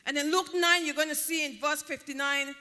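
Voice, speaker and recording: High, bright-voiced preacher in a big hall. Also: male voice, steady tone, brisk. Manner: emphatic, repeats key words for effect. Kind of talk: sermon.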